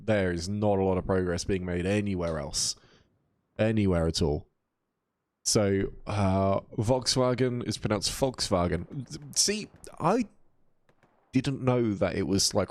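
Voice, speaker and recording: A man's voice: fairly low pitch, no room sound. A man casting a live video game match, talking casually and reacting to chat between plays. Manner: casual, chatty, reads chat aloud. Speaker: esports caster.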